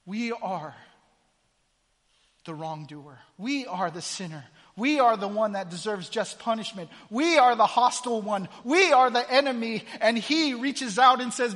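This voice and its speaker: A man preaching with a high, light voice that rings through a reverberant hall. He drops to hushed intensity, then rises into loud, urgent exclamations. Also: animated, unhurried. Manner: impassioned preaching, swinging between quiet intensity and loud exclamation. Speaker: pastor. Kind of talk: sermon.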